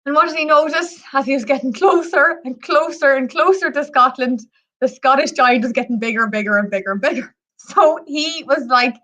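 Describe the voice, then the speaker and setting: Chatty woman, bright high voice. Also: moderate pace, dull audio. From Ireland. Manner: chatty, animated storyteller. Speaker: tour operator representative. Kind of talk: storytelling on a live video presentation. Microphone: video call.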